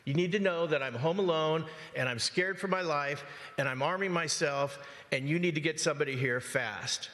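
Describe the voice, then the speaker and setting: A man's voice: a little high, moderate pace, a bit bright. A man speaking as a resident in public comment at a council meeting, telling an upsetting story in an agitated, emphatic way and often asking "okay?". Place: council chamber. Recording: long hall reverb in a council chamber.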